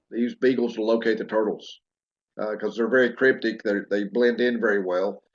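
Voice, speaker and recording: Southern man, low voice, lo-fi. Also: steady tone. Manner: explanatory, unhurried, with many fillers. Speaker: wildlife professor. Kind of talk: casual educational discussion.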